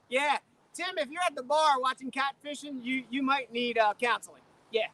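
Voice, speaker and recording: This middle-aged or older Philadelphia man speaks in a very high, bright, forceful voice at an ordinary pace, with no echo. Sitting in his boat on a river at dusk, he runs a live fishing stream, reading chat and greeting people by name while chuckling easily.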